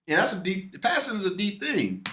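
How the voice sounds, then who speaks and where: A man chats about an old film with his sister, telling animated stories and slipping into the voices of the people he quotes. His voice sits a little high and sounds bright. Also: fairly quick, slight background noise. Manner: animated storyteller who acts out quoted people. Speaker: host reviewing a classic film with his sister. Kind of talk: casual chat.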